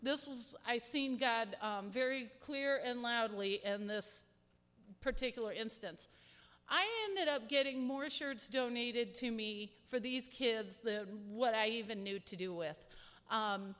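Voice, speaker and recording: Woman volunteer at the pulpit, slightly high voice, long hall echo, heartfelt and halting. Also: a bit bright. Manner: heartfelt, rambling, many fillers. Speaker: church ministry volunteer. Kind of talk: speaking to a church congregation. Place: large church hall. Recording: long hall reverb, from a distance.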